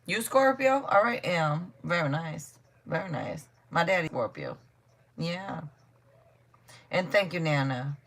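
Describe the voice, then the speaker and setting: A woman's voice: low-pitched, very animated, takes it slowly. A middle-aged woman giving a live tarot reading in a casual, blunt, chatty way, swearing freely and laughing often. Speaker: tarot reader.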